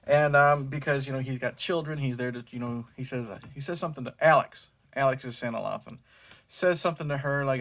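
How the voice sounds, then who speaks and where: A man's voice: medium pitch, brisk, fairly bright tone. A man hosting his own movie review channel, talking casually and rambling, with many fillers and self-corrections.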